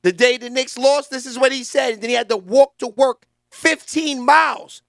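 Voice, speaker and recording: A man hosting a casual commentary vlog, loud, excitable and full of slangy trash talk. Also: very high voice, moderate pace, gravelly, no echo, clean studio sound. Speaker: host.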